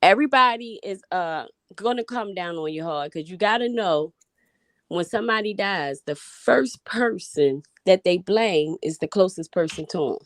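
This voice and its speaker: A woman from Baltimore calling in, giving calm, reassuring advice. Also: on the low side, normal speed, no echo. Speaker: caller. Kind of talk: call-in advice.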